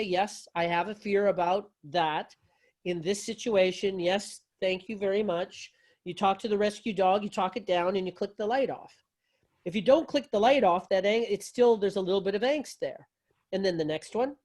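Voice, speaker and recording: A conversational man with a high, slightly mellow voice leads a class discussion on yoga philosophy, repeating himself, restarting, and using folksy phrasing.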